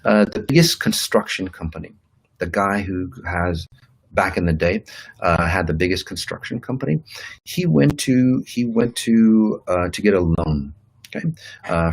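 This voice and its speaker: Self-help teacher, man, very low husky voice, loose rambling delivery full of fillers. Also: rough recording. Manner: acts out quoted inner voices. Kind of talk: motivational talk to an online audience.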